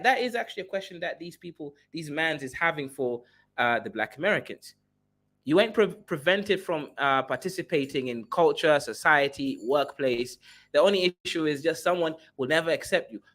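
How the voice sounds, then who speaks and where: A man hosting a livestream, giving sarcastic, animated reaction commentary. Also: fairly high pitch. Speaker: livestream host.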